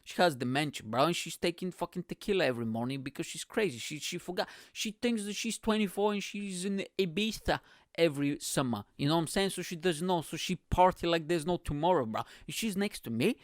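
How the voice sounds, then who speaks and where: A man's voice: fairly high pitch, no echo, clean studio sound. A young man with an accent, hosting a podcast with a crude, boastful, self-mocking comedic monologue. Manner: speaks with an accent. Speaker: podcast host.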